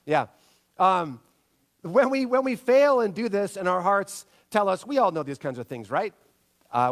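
A man's voice: medium pitch, a little slow. A man in his thirties preaching a sermon as pastor, telling stories with lots of energy and often asking the congregation for agreement. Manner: storytelling, animated, asks the audience for agreement.

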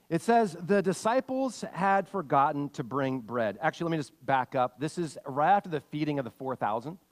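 A man preaching a sermon as pastor, reading scripture and telling a lively family story in animated bursts. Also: medium pitch. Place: church sanctuary. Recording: long hall reverb.

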